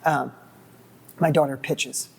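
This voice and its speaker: Middle-aged male guest, motivational storyteller, animated, repeats himself when fired up. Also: medium pitch, takes it slowly, creaky, husky. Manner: animated, acts out quoted dialogue, repeats words when excited.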